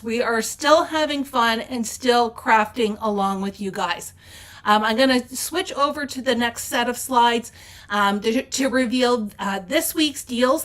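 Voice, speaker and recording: A woman hosts a casual update for a craft store, talking over slides. Her voice sits a touch high. She chats in an upbeat, easygoing way with plenty of ums and uhs. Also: fairly bright tone. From Canada. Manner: chatty and upbeat, with fillers. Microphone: off-camera mic with slides.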